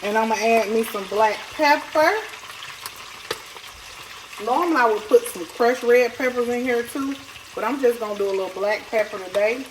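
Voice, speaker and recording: A woman's voice: a little high, moderate pace, a little hiss or hum, rough recording. Chatty woman cooking at home. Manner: chatty, folksy, talks straight to viewers. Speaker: home cook. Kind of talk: casual cooking tutorial. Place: home kitchen. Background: faint sizzling pan.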